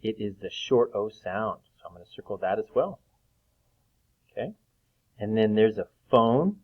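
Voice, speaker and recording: A man teaches young children to read in a slow, patient way, sounding out each letter and clearing his throat now and then. His voice sits a little low. The recording is thin and tinny, like a phone line. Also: expressive. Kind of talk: classroom lesson for young children.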